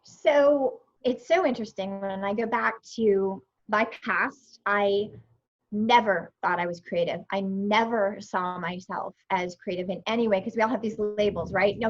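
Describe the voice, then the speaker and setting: A woman in her fifties telling her story as a guest in a casual interview, animated and acting out her own past remarks. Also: mid-range voice, moderate pace. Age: 50s. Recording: dull lo-fi sound.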